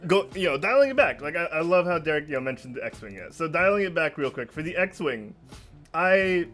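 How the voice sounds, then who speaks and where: A man co-hosting a podcast, chatting casually and gushing over a show, sometimes shouting in excitement. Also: on the high side, a little fast, faint music behind. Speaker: podcast co-host.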